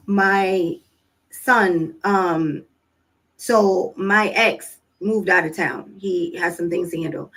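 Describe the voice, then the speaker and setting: A woman's voice: medium pitch, fairly bright tone, breathy edge, poor audio. A woman vlogging to camera about parenting in a casual monologue, telling stories and acting out what people said, with an earnest, coaching tone. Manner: conversational storytelling, acting out quoted dialogue; earnest, coaching tone with direct questions to listeners.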